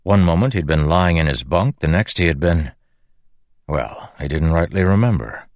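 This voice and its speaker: Brief: male audiobook narrator, measured delivery, low voice. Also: lively intonation, darkish tone, no room sound. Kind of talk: scripted narration.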